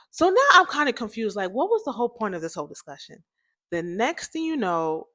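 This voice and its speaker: A podcast host shares a personal story, her voice very animated, a bit bright, and moderately paced. She's chatty and candid, talks straight to listeners, acts out what people said, and describes her own voice as pitchy and cracky.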